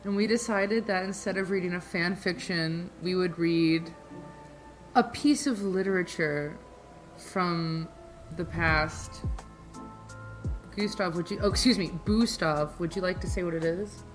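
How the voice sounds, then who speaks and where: A woman's voice: fairly low pitch, a little slow, soft background music. A young woman co-hosting a podcast in casual chat, laughing often as she talks. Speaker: podcast co-host.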